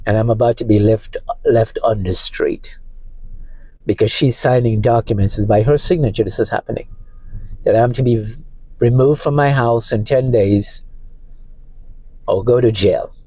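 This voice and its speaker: A shaken man talking through a distressed personal monologue from his parked car, halting and repeating himself. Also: mid-range voice, mellow, husky, no room sound, poor audio. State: emotionally shaken. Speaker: vlogger.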